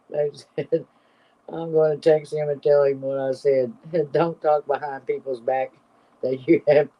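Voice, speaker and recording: A woman's voice: low voice, fairly even intonation, measured pace, long pauses. A woman hosting a casual live stream, reading viewer comments aloud and laughing constantly until she is breathless. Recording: slightly dull lo-fi audio.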